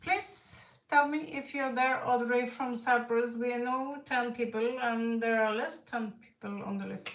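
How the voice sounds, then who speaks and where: A woman's voice: fairly high pitch, fairly even intonation, a little slow, few pauses, far from the mic. A woman who is not a native English speaker, with a mixed British and Russian accent, reading tarot live for chat viewers in a hesitant way with many fillers. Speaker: tarot reader. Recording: echoey room, voice from off-mic.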